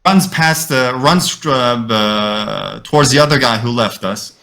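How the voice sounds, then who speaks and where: Bright-voiced man telling a story. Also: medium pitch, unhurried, gravelly. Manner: animated storyteller, swears freely, mixes in Arabic phrases. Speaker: podcast co-host. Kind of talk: casual chat, storytelling.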